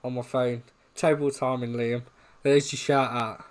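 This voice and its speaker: A man co-hosting a laid-back review podcast with a medium-pitched voice. He talks in a friendly, chatty way, laughing along with his co-host. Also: little pitch movement, moderate pace, clean tone. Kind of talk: casual review chat.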